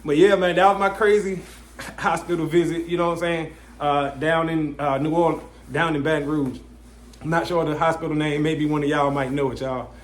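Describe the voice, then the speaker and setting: A man's voice: fairly high pitch, normal speed, echoey room. A young man hosting a podcast, telling a story in casual chat and acting out the people in it. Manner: animated, quotes people in his story, frequent "you know what I'm saying". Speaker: podcast host.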